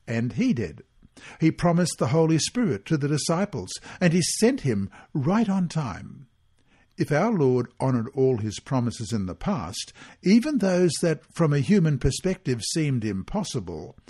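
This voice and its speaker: A man reading a weekly Bible study guide aloud, measured and earnest, reading the scripture passages in full. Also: mid-range voice, a little mellow, breathy edge.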